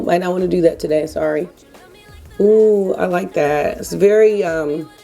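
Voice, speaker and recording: At home getting ready in the morning, a beauty vlogger in her thirties does her makeup while talking casually and rambling straight to viewers. Her voice is on the low side, creaky and dark in tone.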